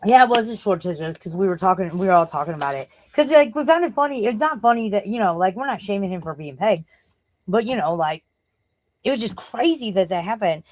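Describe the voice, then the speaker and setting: A woman's voice: mid-range voice, lively intonation, a little fast, a little hiss or hum, rough recording. A woman live streamer chatting casually from home, rambling and cursing freely.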